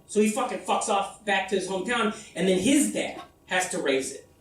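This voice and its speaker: A man performing a solo comedy show, telling a rambling, incredulous story full of swearing. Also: high voice. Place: festival theater stage. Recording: echoey room from far off.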